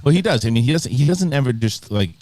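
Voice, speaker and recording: A man with a mid-range voice talks quickly over a slight hiss or hum while hosting a live video podcast. His storytelling is animated, casual, and rambling, full of restarts.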